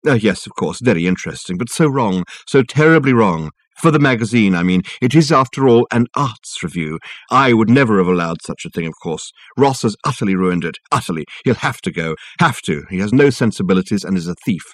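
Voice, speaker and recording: A man voicing a fussy, self-absorbed man with a silky, over-rounded, soft voice, in a dry recording. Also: lowish voice, expressive, brisk, few pauses, no room sound. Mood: aggrieved. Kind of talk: audiobook character voice.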